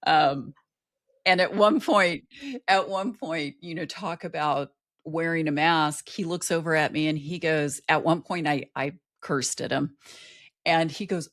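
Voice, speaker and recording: A woman's voice: deep voice, unhurried. A middle-aged woman, a life coach, talking earnestly as a guest in an interview and telling personal stories. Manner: earnest storytelling. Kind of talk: conversational interview.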